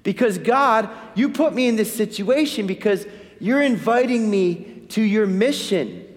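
A high-voiced man delivers a sermon at a measured pace, his words echoing through the hall. He animatedly asks his listeners questions, then supplies the answers.

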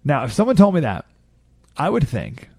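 A man's voice: fairly high pitch, wildly swooping pitch, normal speed, vocal fry, mellow, breathy edge, no room sound, clean studio sound. A man hosting a talk radio show, delivering an opinionated monologue with sarcastic, incredulous jabs and laughter.

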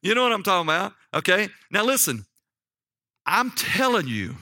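A middle-aged man preaching a sermon, telling personal stories in a folksy, animated way and often checking in with "okay?". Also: sits high, moderate pace, no room sound, clean studio sound.

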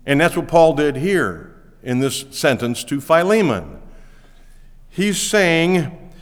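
A man preaching a sermon as pastor, pushing key words up loudly, then falling back low and quiet. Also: big pitch swings, takes it slowly. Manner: emphatic, rising to stress key words, then dropping low. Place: church auditorium. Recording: long hall reverb.

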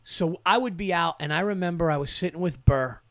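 A man's voice: on the high side, a little fast, dry recording. A man hosting a podcast, chatting casually in a rambling, profane way and acting out quotes as he tells stories. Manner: profane, rambling, animated storytelling with acted-out quotes. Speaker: podcast host. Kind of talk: casual chat.

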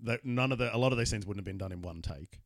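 A man's voice: lowish voice, fast talker. A man co-hosting a casual film chat podcast, laughing and swearing easily. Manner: laughs often, swears casually, acts out quotes. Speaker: podcast co-host.

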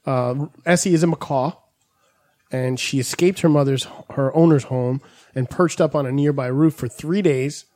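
A man with a middle-pitched voice hosts a loose podcast chat, swearing constantly as he rambles through stories. He sometimes breaks into squeaky high impressions, then drops back to his ordinary tone. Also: moderate pace, dark tone. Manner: profane, rambling storyteller who slips into squeaky impressions. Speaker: podcast host. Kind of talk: casual podcast banter.

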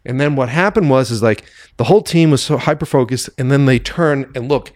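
A man on a podcast, a filmmaker guest, telling a story from his film set in a lively, casual way and swearing freely. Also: mid-range voice, slight background noise. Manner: animated storyteller who swears freely and acts out quoted dialogue.

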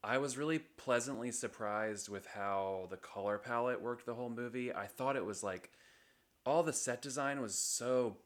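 A man's voice: mid-range voice, moderate pace. A young man co-hosting a podcast in casual chat, rambling and hesitant, with many fillers. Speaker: podcast co-host.

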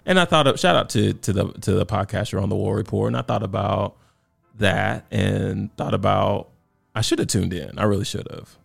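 A young man with a gravelly voice, co-hosting a podcast in playfully indignant casual sports banter. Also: fairly low pitch, normal speed, faint music behind. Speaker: podcast co-host. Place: podcast studio.

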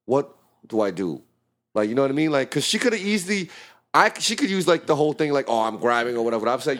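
A man casually telling a story about his bartending shift to friends, swearing a lot and acting out the shouting in the quotes. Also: mid-range voice, fast talker. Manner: animated, profane, acts out shouting in quotes.

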